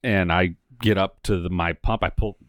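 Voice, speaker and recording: A man's voice: deep voice, normal speed, no echo, studio quality. A man co-hosting a podcast, telling a profane story in casual chat and acting out what people said. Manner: animated, profane storytelling with acted quotes. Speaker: podcast co-host.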